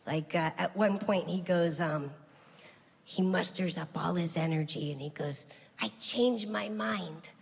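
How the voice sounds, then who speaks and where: A middle-aged woman performing a stand-up routine, telling stories in a conversational, deadpan way. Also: a little slow, vocal fry. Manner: conversational, deadpan storytelling with sudden high-pitched voices for quoted people. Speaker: stand-up comedian. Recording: live show with long hall reverb and faint ambience.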